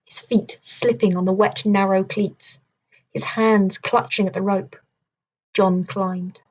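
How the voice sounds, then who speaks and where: A woman reads a children's adventure novel aloud in steady, measured storybook narration. Her voice sits at an ordinary middle pitch and keeps an even pace. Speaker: audiobook reader.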